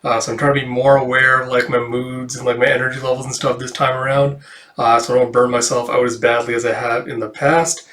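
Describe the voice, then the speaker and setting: A man hosting a casual read-through, chatting in a relaxed way with lots of filler words. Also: mid-range voice, fairly quick, reverberant. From Canada. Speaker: channel host.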